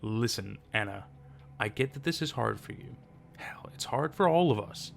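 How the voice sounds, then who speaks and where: A man reading the lines of a defensive, scolding middle-aged mother, with a gravelly voice. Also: fairly low pitch, normal speed, fairly bright tone, a little hiss or hum.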